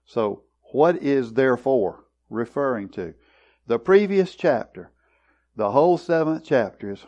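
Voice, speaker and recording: Male Bible study teacher, slow and methodical, clears throat often, dull lo-fi recording. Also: medium pitch, expressive, darkish tone. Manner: deliberate, explanatory, often clears his throat.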